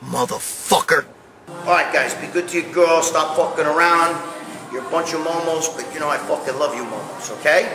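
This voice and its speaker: A man hosting his own show, delivering a profane comic rant straight to camera with loud, shouted bursts and constant swearing. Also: fairly high pitch, normal speed. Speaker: host.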